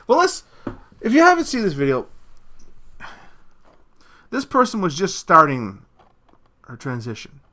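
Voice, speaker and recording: A man's voice: high-pitched, wildly swooping pitch, takes it slowly, pauses often, pushed and bright. A man delivering a blunt opinion rant as a vlogger, speaking crudely and rambling through restarts, often tacking "okay?" onto his points.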